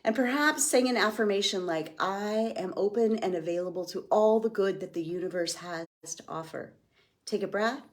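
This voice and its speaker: A middle-aged woman leading a guided breathing and laughter exercise in a slow, soothing way as a wellness instructor. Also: mid-range voice. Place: indoors, moving around in front of a camera.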